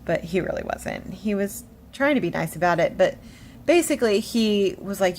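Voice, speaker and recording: Woman vlogger, chatty and animated, slightly shaky, mid pitch, faint hiss behind. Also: normal speed. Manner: animated storytelling, acts out quotes. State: shaky, emotional. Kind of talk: casual chatty vlog update.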